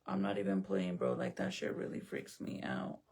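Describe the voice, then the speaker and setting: A woman's voice: a bass voice, huge pitch swings, moderate pace, gravelly, darkish tone. A young woman at home chatting casually on a live stream, rambling, swearing now and then and answering viewer comments. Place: at home, indoors.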